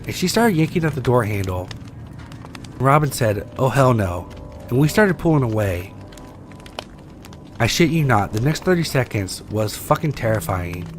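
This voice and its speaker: A man reading scary stories aloud with a steady storytelling delivery that slows for tense moments. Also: mid-range voice, soft background music. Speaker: story reader.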